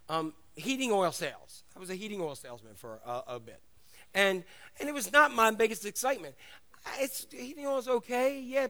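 A middle-aged pastor preaches with a high, bright voice. He tells stories in an animated way and drops casual asides to the congregation. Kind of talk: sermon.

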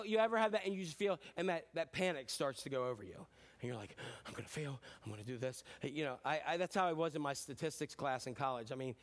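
Speaking at medium pitch, a middle-aged man delivers a conversational sermon as a pastor. He tells his stories chattily and self-deprecatingly, with many fillers.

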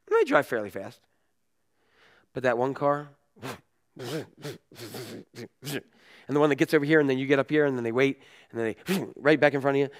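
Man, pastor type, slightly higher voice, animated conversational sermon delivery.

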